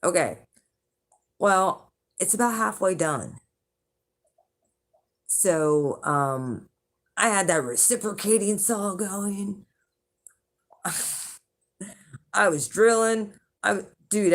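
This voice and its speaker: A woman's voice: medium pitch, expressive, slow pace, pauses often. A woman telling a casual, rambling story straight to her viewers, swearing and chuckling as she goes. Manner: chatty and rambling, with swearing and laughter. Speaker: channel host, intuitive reader.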